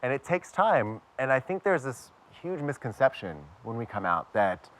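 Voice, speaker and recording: A man's voice: mid-range voice, big pitch swings, normal speed, a bit bright. Wry man telling a personal story. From Pittsburgh, USA. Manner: wry, self-mocking humor. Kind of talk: personal storytelling to a live audience.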